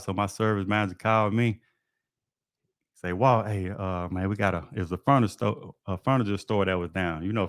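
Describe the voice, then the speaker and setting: Laid-back Texan man with a low voice. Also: fairly bright tone, no echo, studio quality. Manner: laid-back, folksy, peppers talk with "man". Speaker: HVAC technician and livestream host. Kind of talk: casual livestream storytelling.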